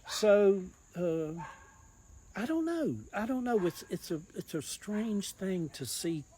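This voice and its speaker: A man's voice: fairly high pitch, darkish tone, slight background noise, low-quality recording. A man with a Southern US accent, a political campaigner talking earnestly in a rambling, folksy monologue. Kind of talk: casual monologue.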